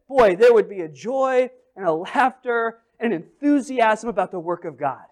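High-voiced man preaching with big volume swings. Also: lively intonation, normal speed, few pauses. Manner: acts out scenes and quotes with playful voices. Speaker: pastor. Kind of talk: sermon.

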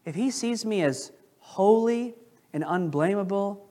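A male pastor preaching a sermon in a church, questioning the congregation and slowing down to stress key phrases. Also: high voice, lively intonation, warm tone. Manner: emphatic, slows down on key phrases. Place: church sanctuary.

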